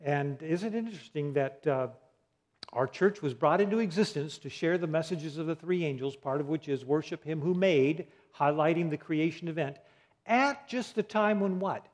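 A man with a fairly high, slightly mellow voice leads a Bible study at normal speed, asking his listeners questions and then answering them himself. He spells out words letter by letter, with many fillers and restarts.

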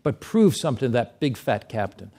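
A man's voice: mid-range voice, sing-song, brisk, dark tone, slight background noise, pitched below the performer's own voice. A man voicing a small, thin imprisoned pastor who prays earnestly. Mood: pleading. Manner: earnest, pleading prayer. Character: small thin devout male pastor praying in prison.

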